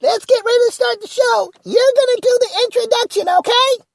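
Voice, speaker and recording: A very high, squeaky radio producer, played by a performer, with a harsh gravelly edge. The voice is fussy and bossy, recorded dry and close. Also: fairly quick, no echo. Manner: fussy, instructing.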